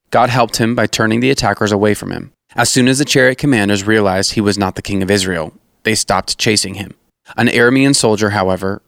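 A man reads scripture in a steady, measured way. His voice is low-pitched and sounds dry and close, with no room around it. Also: no echo. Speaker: scripture reader. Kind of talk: scripted Bible reading.

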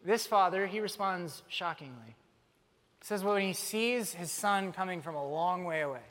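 A young man preaching a sermon as a pastor, telling stories with animated, self-mocking humor. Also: high-pitched, moderate pace. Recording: long reverb of a large hall.

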